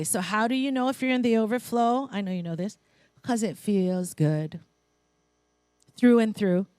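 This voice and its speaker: A woman giving a relaxed, conversational sermon to her spiritual congregation. She talks in a playful way, breaking off for asides and light laughter. Her voice sounds close and dry. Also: mid-range voice, no room sound. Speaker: speaker at a spiritual center. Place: spiritual center congregation, in Hawaii.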